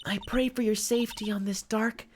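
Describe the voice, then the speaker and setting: A woman reading the lines of a gentle, polite young nun in a soft, reserved manner. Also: mid-range voice, steady tone, normal speed, noisy background, lightly acted.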